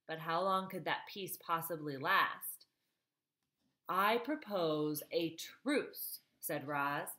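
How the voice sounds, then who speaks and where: A woman's voice: fairly low pitch, sharp tone. A woman reading a novel aloud, stopping for chatty asides to her listeners. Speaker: reader.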